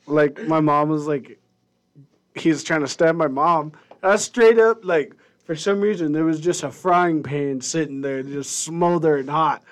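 A man's voice: a little high, steady tone, unhurried. A young man co-hosting a casual podcast, telling profane, laughing stories and acting out the voices in them. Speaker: podcast co-host. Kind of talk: casual chat, storytelling.

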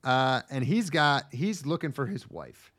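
Podcast guy rambling thru an anime recap, crude, lots of ums, normal pitch. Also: expressive, a little slow, a bit bright. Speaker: podcast co-host. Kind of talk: casual chat recapping an anime.

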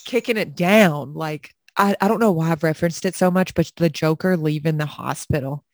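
A woman's voice: low-pitched, normal speed, a little mellow, no echo, clean studio sound. A young woman co-hosting a podcast, trading sassy, profane banter in a casual chat. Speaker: podcast co-host.

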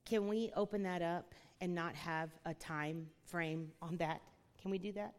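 A woman telling a personal faith testimony, animated and quick to laugh, talking straight to the listeners. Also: fairly low pitch. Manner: animated storyteller who laughs often and addresses listeners as y'all. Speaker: guest speaker sharing a testimony. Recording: long hall reverb.

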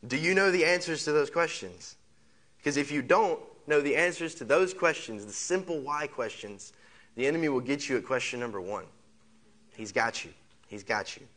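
A man's voice: on the high side, animated, normal speed, fairly bright tone. A man preaching a sermon. He repeats phrases, piles up rhetorical questions and leads the congregation in saying lines back. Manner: leads the congregation in call-and-response. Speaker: pastor.

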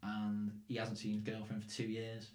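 A man's voice: lowish voice, monotone, normal speed, a little mellow, echoey room. A young Northern English man chatting casually as podcast host, rambling and swearing freely. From England. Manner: rambling, swears, laughs often. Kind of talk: casual chat.

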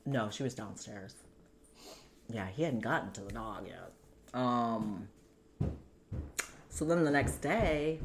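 A woman's voice: very deep voice, background noise. A woman as a guest, earnestly recounting her own story in conversation, with lots of "you know" and "like". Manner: earnest, tumbling narration full of "you know" and "like". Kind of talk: candid personal storytelling in conversation.

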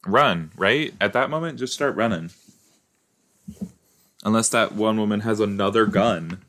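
A man's voice: on the low side, measured pace, fairly bright tone. A man hosting a casual watch-along podcast, talking back to the characters on screen and musing with playful asides. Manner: chatty, exclaims at the screen, talks back to characters. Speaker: podcast host reacting to a TV episode.

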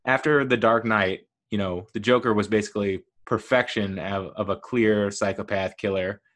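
A young man hosting a solo podcast, talking in an excitable, rambling way with lots of fillers and restarts. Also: fairly low pitch. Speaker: podcast host.

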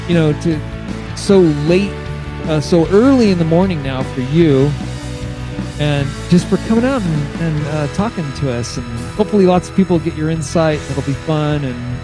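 A man's voice: fairly high pitch, moderate pace, music in the background. A young man hosting a podcast, chatting casually and telling stories with lots of laughter and restarts. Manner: laughs often, animated storytelling with many restarts. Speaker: podcast host. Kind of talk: casual interview chat.

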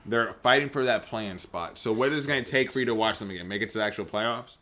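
A man co-hosting a podcast, steering the talk with steady questions in casual chat. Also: fairly low pitch, fast. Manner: steady, questioning, drives the topic. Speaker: podcast co-host.

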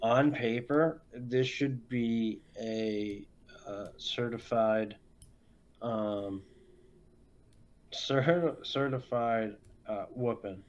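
A man co-hosting a fight podcast, talking slowly and haltingly, with ums and uhs filling his pauses. His audio is dull and lo-fi, as if from a cheap mic. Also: medium pitch. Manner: slow, halting, lots of fillers. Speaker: podcast co-host. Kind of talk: casual chat.

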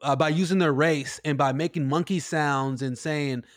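A man in casual podcast banter, his voice sitting a little high. He talks animatedly and slips into quoted voices as he tells a story. The sound is dry and close. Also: moderate pace, no room sound. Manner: animated, acts out quoted voices, says "bro" a lot. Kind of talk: casual chat.

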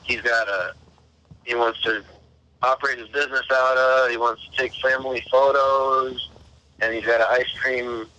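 A man's voice: medium pitch, flat delivery, moderate pace, pushed and bright, slight background noise. A man telling, as a caller, the story of a strange phone call, swearing casually and acting out both sides of the exchange. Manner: profane, retells dialogue in quoted voices.

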